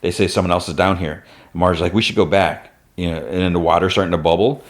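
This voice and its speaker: A low-voiced man recapping an episode in a casual, rambling way. He says "like" often and jumps into raised voices to act out lines. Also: level tone, fast talker. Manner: retells scenes, acting out lines in a raised voice; loose, filler-heavy storytelling. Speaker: podcast host.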